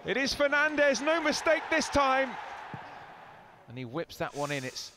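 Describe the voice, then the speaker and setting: A man giving live football commentary, bursting into excited shouts at goals. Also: very high voice, a little slow. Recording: broadcast commentary over loud crowd noise. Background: stadium crowd.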